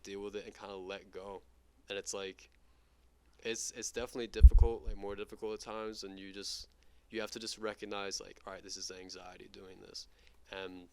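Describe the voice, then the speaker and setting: A young man from New York talks in a rapid, rambling rush, piling on fillers and swear words. His voice sits fairly low. He tells his stories as an interview guest in a loose, casual chat. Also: warm tone. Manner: rapid, profane, filler-heavy storytelling.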